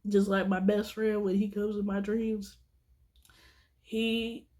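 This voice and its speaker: A woman's voice: medium pitch, dark tone. Teary, earnest woman vlogger. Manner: earnest, emotional, repeats herself for emphasis. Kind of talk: casual vlog monologue.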